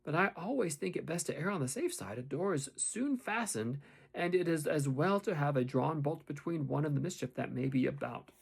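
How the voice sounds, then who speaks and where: Man putting on a raised voice for a cool middle-aged woman servant, husky, calm and polite, audiobook. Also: a little high, a little fast, heavily acted. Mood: composed. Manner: calm, even, coolly polite. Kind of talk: audiobook character voice.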